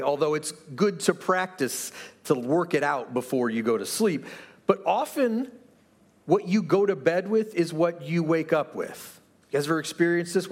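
A pastor giving an earnest, conversational sermon to his church, asking the room rhetorical questions. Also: a little high. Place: church sanctuary.

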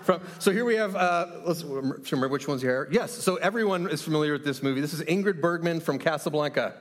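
A pastor with a somewhat high voice speaks on a church stage through a handheld microphone. He is chatty and upbeat, laughing easily as he leads the congregation in a light game. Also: brisk. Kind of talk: sermon opening with audience game.

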